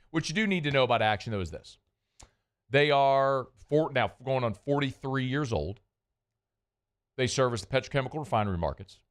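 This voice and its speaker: A man hosting a sports radio show, talking loosely and reading sponsor spots. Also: mid-range voice. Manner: chatty, loose, folksy. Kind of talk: casual sports radio talk and live reads.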